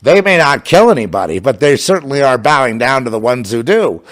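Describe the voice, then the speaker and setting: A man gives an impassioned religious monologue in a fervent, mocking tone. His pitch swings widely from low mutters up to high, scornful exclamations, around a middle-range voice. He often breaks into derisive laughter. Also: expressive, fairly quick, a bit bright. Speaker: religious commentator.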